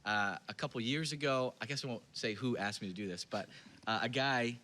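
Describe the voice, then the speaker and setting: Pastor guy chatting on a podcast, bright tense voice, pokes fun at himself. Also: medium pitch, brisk. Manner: self-deprecating, many fillers and restarts while telling an anecdote. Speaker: executive pastor. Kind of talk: casual podcast discussion.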